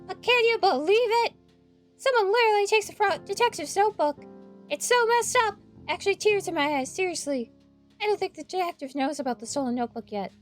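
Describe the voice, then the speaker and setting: A woman putting on a high, gushing voice to recap a game story. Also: expressive, a little fast, soft background music.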